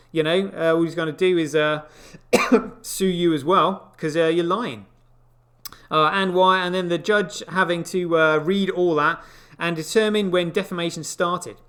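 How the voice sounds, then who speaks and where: Guy hosting a live stream, kinda high voice, rambles a lot, um uh everywhere, wry little jokes. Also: fairly bright tone. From United Kingdom. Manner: rambling, full of fillers, wry asides. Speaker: live show host. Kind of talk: casual news commentary.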